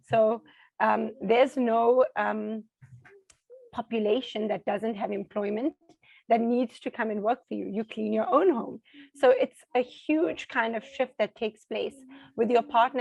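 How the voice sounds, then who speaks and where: A middle-aged woman with a South African accent, an interview guest talking casually at home, animated and acting out the voices of people she quotes. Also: fairly high pitch, measured pace, gravelly, dry recording, dull audio.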